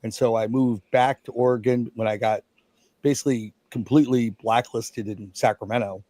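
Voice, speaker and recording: A man's voice: medium pitch, fairly even intonation, normal speed, mellow, no echo. Blunt, self-mocking man in his forties. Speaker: stream guest. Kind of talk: casual chat.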